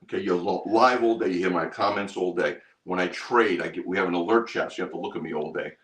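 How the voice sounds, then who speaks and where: A man's voice: deep voice, quick pace, fairly bright tone. A man hosting a live stream for his trading group, talking emphatically and repeating himself. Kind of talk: live stream sales pitch.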